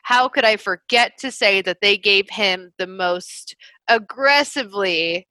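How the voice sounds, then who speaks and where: A young woman co-hosting a casual podcast, recapping a movie in an animated way with mocking impressions. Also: mid-range voice, measured pace, no echo. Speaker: podcast co-host.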